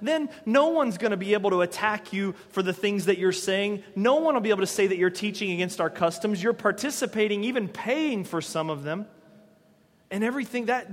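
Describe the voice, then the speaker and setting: A man preaching a sermon as pastor, animated and acting out quoted voices with bursts of loudness. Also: high-pitched, in a large hall.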